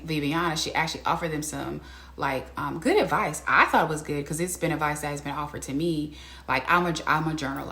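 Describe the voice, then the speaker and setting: Low-voiced chatty woman recapping a show. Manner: chatty, frank, slangy, animated retelling. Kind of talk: casual reality show recap.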